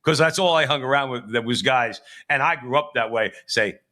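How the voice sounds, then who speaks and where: A man's voice: medium pitch, moderate pace, sharp tone. A middle-aged man co-hosting a live political talk show, talking in a rambling, emphatic way with frequent restarts. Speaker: co-host.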